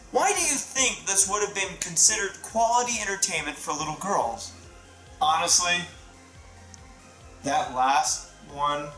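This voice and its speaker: A man's voice: fairly high pitch, sharp tone. A man speaking bluntly and critically as a reaction panelist. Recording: roomy room sound.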